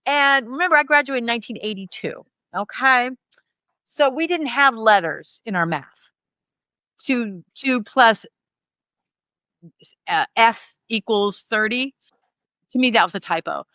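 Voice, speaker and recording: A woman in her fifties, a guest in an interview, telling candid stories in a rambling, animated way and acting out the dialogue. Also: on the high side, a little slow, long pauses, dry recording. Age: 50s. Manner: rambling, animated, acts out quoted dialogue with laughs.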